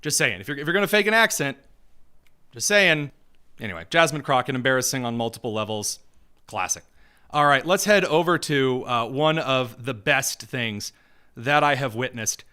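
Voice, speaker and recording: A male host delivering opinionated political commentary in a sarcastic, mocking, rapid-fire way. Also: medium pitch, animated, bright, forceful tone, clear, resonant tone.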